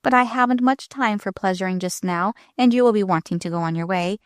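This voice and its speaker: Woman playing a cool, composed young woman, measured and firm, dry recording. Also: mid-range voice, clear, resonant tone, dry recording, natural voice. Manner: calm, measured, quietly firm.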